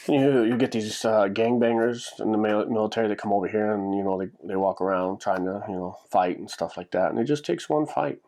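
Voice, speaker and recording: A man's voice: lowish voice, darkish tone. A man vlogging, telling stories in a rambling, casual way, full of "like" and restarts. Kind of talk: casual storytelling monologue. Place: lives in Japan.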